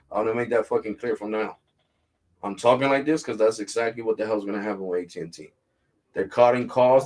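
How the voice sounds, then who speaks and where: A man's voice: mid-range voice, a little mellow. A man hosting a tech talk stream, ranting casually and emphatically, with loose swearing.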